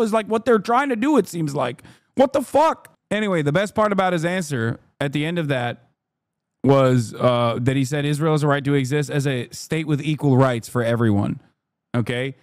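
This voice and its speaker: A man's voice: on the high side, moderate pace, dry recording, clean studio sound. A man streaming heated, profane political commentary, often slipping into mocking voices. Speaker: streamer reacting to news.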